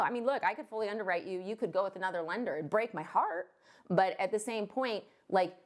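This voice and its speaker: A woman loan officer ranting to camera in a vlog, blunt and fired up, swearing now and then. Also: medium pitch.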